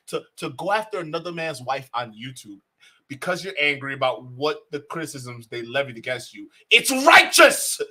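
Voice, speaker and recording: Male reaction host: mocking, incredulous, keeps laughing; slightly high, bright tone. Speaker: commentary host. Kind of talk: reaction commentary.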